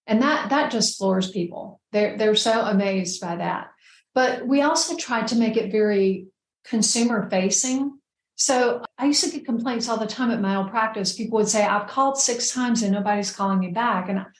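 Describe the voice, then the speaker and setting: A middle-aged woman, a physician guest, talking casually and earnestly in an interview, often repeating words as she goes. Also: medium pitch. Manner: earnest, friendly, frequent word repeats. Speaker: gastroenterologist guest. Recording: echoey room.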